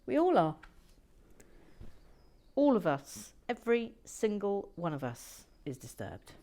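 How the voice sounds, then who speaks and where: A woman hosting a relaxed brick-building video, soft-spoken and playful with dry asides that drift into whispers. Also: mid-range voice, slow, slight background noise. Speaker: host building toy brick sets.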